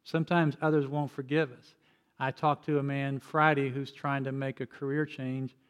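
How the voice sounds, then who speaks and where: A man's voice: mid-range voice, little pitch movement, moderate pace, clear, resonant tone. An older man preaching a sermon as pastor, telling personal stories in an earnest way with frequent restarts.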